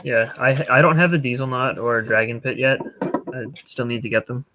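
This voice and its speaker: Man, mid-pitched co-host, deadpan teasing, faint noise on the line. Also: moderate pace. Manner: dry, teasing. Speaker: co-host and Lego collector. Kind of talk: casual chat.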